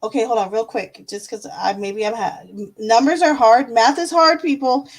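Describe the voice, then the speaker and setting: A woman with a slightly high voice hosts a live-stream tarot reading, chatting casually and affectionately with viewers and often filling pauses with "um" and "like." The audio quality is poor.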